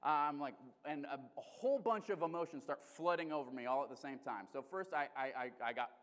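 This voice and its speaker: A male pastor with an Alaskan accent preaching a sermon in a conversational, animated way, restarting often. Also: a little high, a little fast. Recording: long hall reverb.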